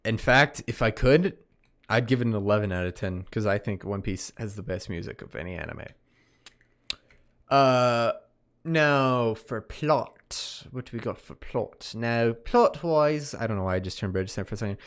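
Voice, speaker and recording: A man's voice: lowish voice, lively intonation, moderate pace. A young man hosting a casual solo podcast, giving a rambling, self-correcting review while tired and yawning. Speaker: podcast host reviewing anime.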